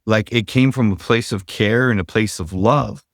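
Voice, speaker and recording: A man's voice: fairly low pitch, normal speed, vocal fry, no room sound, studio quality. A middle-aged man from Southern California telling his life story in a loose, casual way, full of "like" and "you know".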